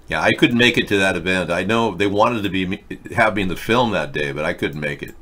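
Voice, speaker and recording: A man's voice: low-pitched, fairly quick, hardly any pauses, pushed and bright. A man hosting a casual political commentary show, reading headlines aloud with sarcastic, mocking asides. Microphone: webcam setup.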